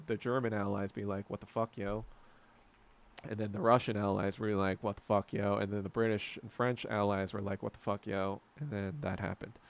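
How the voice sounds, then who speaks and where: A man's voice: mid-range voice, vocal fry. A man hosting a casual podcast chat, reading comments and rambling through profane tangents with frequent restarts.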